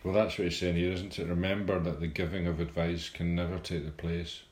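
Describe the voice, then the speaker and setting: Brief: man, very low voice, blunt and swearing, casual chat in an echoey room. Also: flat delivery, fairly quick. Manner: blunt, swears freely, wry and laughing.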